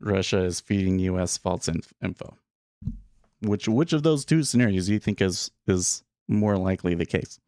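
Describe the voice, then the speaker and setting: Warm, low and animated, this man's voice comes through with clean studio sound and no echo. At a moderate pace he runs a live day trading stream, rambling through his market commentary as he thinks aloud and pokes fun at himself.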